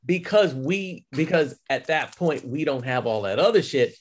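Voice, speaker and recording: A man co-hosting a podcast, talking casually about films in a profane, animated way and acting out quotes. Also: on the high side, moderate pace. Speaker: podcast co-host. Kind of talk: casual film chat.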